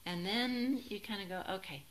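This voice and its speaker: A woman teaching as a Zen teacher in a relaxed, reflective dharma talk, gently self-deprecating and sometimes laughing. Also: mid-range voice, normal speed, background noise.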